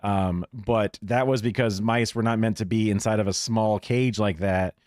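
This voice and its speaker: A man hosts a casual live reaction stream, talking through his opinions bluntly and often swearing. His voice sits low, and the sound is close and dry. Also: steady tone, normal speed, darkish tone, no room sound. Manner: opinionated, profane rants mixed with chuckles. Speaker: livestream host. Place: home streaming setup.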